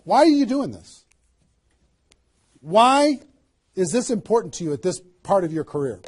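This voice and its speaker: A man giving a motivational seminar talk as a network marketing trainer, energetic and emphatic, firing rhetorical questions at a live audience. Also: sits high, normal speed, slightly rough.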